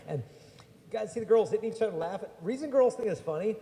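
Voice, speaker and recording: A man giving a lively, humorous talk to young people in a church, telling stories with chatty, slangy asides. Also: high voice, quick pace. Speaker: speaker addressing young people. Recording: echoey church hall.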